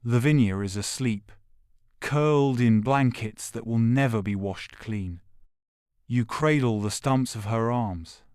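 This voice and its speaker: A man narrating a second-person audio drama in a grave, measured way, with short, clipped phrases. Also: mid-range voice, darkish tone, clean tone, no echo, clean studio sound.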